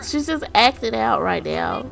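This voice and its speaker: Woman gaming host, casual unhurried commentary with faint music under it, chatty and given to laughing. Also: fairly high pitch, gravelly. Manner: chatty, animated, laughs often, speaks to the audience directly. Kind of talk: casual let's-play commentary.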